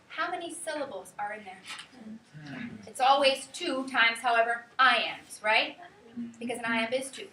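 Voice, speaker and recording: Bright high-voiced woman teaching a class. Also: a little slow. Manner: lively, quizzing students, counts out rhythms. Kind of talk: classroom lecture. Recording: echoey classroom from far off, faint hiss.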